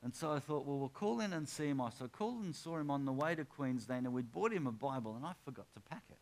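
Man preaching a story-led sermon. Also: expressive. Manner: conversational storytelling that builds to an impassioned, drawn-out preaching pitch.

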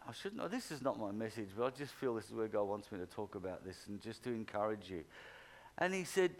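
Aussie pastor guy telling a story in a sermon, kinda high voice with lots of gravel, rambles and does all the dialogue. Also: a bit bright. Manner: rambling, retelling anecdotes with quoted dialogue.

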